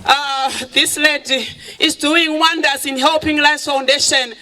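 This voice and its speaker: A woman speaks at a charity event in a high, bright voice. She takes her time, slipping between English and Shona and thanking people with open emotion. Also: flat delivery, unhurried, rough recording. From Zimbabwe. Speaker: charity founder giving a speech. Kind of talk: public speech at an event.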